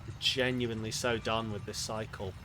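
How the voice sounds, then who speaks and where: A man's voice: fairly low pitch, level tone, moderate pace, noisy background. Exasperated British man streaming a game. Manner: exasperated, swears, mutters to himself. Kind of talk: casual gaming commentary.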